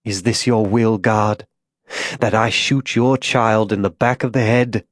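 A man voicing a tormented religious zealot who speaks to a child in a hushed, tender way. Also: on the low side, steady tone, a little slow, dry recording, clean studio sound, close to an everyday voice. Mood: anguished.

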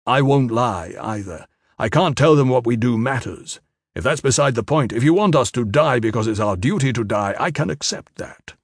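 A man voicing a weary, blunt commander of bodyguards who speaks solemnly and forcefully in an audiobook. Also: medium pitch, expressive, normal speed, dry recording, clean studio sound.

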